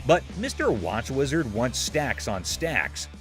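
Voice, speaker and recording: A man's voice: mid-range voice, big pitch swings, slow, a bit bright, soft background music. A man narrating a show recap in a scripted, playful, jokey storytelling manner.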